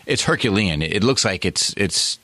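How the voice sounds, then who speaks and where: A man's voice: lowish voice, animated, normal speed, bright, forceful tone, no echo. Enthusiastic New York man hosting. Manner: enthusiastic, effusive praise. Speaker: podcast host. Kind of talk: casual interview hosting.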